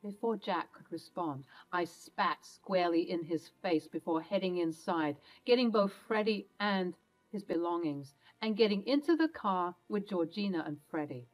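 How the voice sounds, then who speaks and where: A woman's voice: lowish voice, normal speed, dull audio. A woman telling a dramatic first-person story in an earnest narrating voice.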